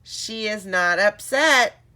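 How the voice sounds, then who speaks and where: A woman reading a story aloud to children, calling them friends in an animated way. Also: medium pitch, slow. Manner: addresses listeners as friends, animated.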